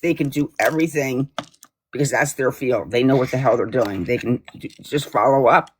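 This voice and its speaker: A woman's voice: rumbling low, moderate pace, slight background noise. Soothing, reassuring woman friend. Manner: soothing, reassuring, steady talker. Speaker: friend joining the stream. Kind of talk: casual supportive chat. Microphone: joined remotely on the stream.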